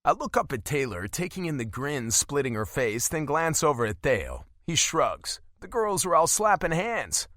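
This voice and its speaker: A man narrating a romance audiobook in first person, expressive and wry. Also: a little high, moderate pace, few pauses, dry recording, studio quality.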